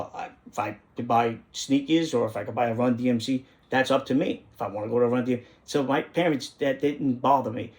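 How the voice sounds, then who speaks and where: A middle-aged man, hosting a casual monologue in an indignant, rambling way that repeats phrases for emphasis. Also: medium pitch. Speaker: host.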